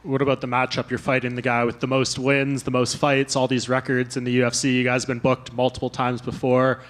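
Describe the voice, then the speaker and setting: Flat-voiced male reporter asking questions. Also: mid-range voice, brisk. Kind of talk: interview questions.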